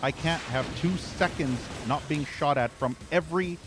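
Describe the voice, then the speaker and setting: A man's voice: on the high side, moderate pace. A man streaming a shooter game, giving live commentary with frequent profane, frustrated rants. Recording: game music and gunfire behind.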